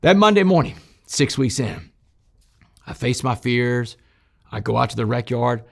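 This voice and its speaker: A man telling his personal story in an interview, shifting from loud, emphatic bursts to quiet, low passages and speaking straight to his listeners. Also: expressive, a little slow, creaky. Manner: addresses listeners directly as "y'all". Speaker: interview guest recounting his past.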